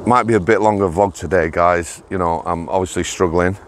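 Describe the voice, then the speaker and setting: A man's voice: sits low, fairly even intonation, fairly quick, slight background noise. A middle-aged man, chatting to viewers on an outdoor walking vlog, laughing and addressing them directly. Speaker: vlogger, former prison officer. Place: outdoors on a walk.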